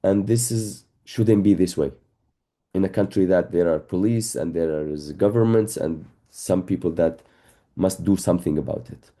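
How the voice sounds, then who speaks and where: Dark-voiced man telling funny stories. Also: sits low, normal speed. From Israel. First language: Arabic. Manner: humorous, acts out dialogues with changing voices. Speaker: educator and workshop facilitator. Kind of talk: personal storytelling talk.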